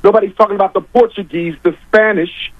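A man's voice: high-pitched, fairly even intonation, fast, no echo. A man arguing his points emphatically on a talk show, repeating key lines for weight. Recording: dull, dry lo-fi audio.

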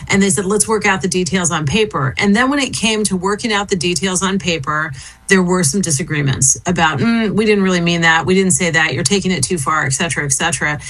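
A woman's voice: medium pitch, fairly bright tone, poor audio. A middle-aged woman answering interview questions as a guest, thoughtful and conversational, with frequent fillers and restarts. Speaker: interview guest, former business council head and diplomat.

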